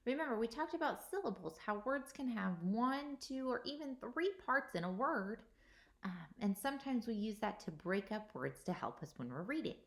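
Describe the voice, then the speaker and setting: A woman teacher giving a recorded workbook lesson to young children, slow and patient, sounding out each vowel. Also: on the high side, sing-song.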